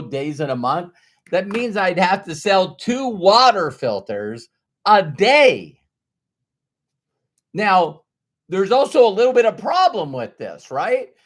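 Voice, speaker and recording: A man with a fairly high voice gives a motivational business talk. He tells his story in an animated, emphatic way and repeats key phrases for effect. It sounds like a coach speaking directly to his followers. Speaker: business trainer.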